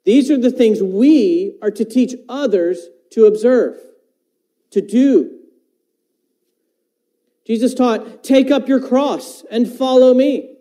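Male preacher, sermon delivery, high voice, scripture quotes, questions to the listeners. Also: measured pace, hardly any pauses, dark tone, poor audio. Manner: talks about teaching his own children.

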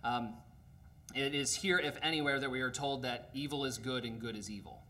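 A man preaching an earnest, emphatic sermon, often pausing with fillers. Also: medium pitch, pushed and bright, slight background noise.

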